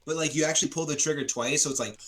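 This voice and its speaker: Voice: medium pitch, racing, crowd noise, low-quality recording. A game master narrating a tabletop game in a rambling, casual way full of fillers.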